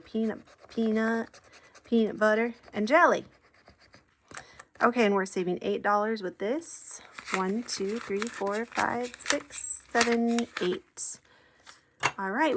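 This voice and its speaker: A woman's voice: medium pitch, a bit bright, slight background noise. A woman chatting casually and counting money aloud, upbeat and friendly. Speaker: savings challenge creator. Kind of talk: casual chat while counting cash.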